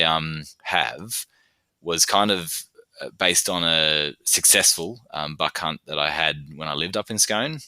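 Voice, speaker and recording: Aussie bloke with a really low voice, super bright and forceful, chatting then reciting a bush poem, dry close mic. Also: male voice, no echo. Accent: Australian. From Australia. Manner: storytelling, reciting rhymed verse in a steady rhythm. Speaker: podcast guest, bush poet. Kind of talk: casual podcast chat and bush poetry recital.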